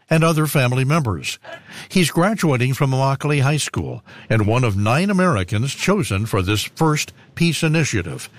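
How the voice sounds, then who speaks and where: A man reading a scripted radio news feature as anchor, in a measured newsreader delivery. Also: medium pitch, dry recording.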